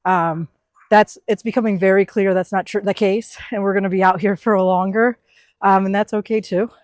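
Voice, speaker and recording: A woman's voice: mid-range voice, fairly even intonation, normal speed, darkish tone, no room sound. Candid young woman vlogging, dry close sound. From US East Coast. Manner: candid, reflective, with many fillers like "like" and "you know". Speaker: van life vlogger. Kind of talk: casual vlog talk to camera.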